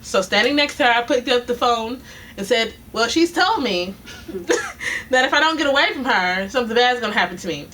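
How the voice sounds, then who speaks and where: A woman's voice: fairly high pitch, expressive, a little fast. A woman telling a casual story, acting out both sides of an argument and laughing often. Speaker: vlogger telling a work story. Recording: distant mic with faint noise.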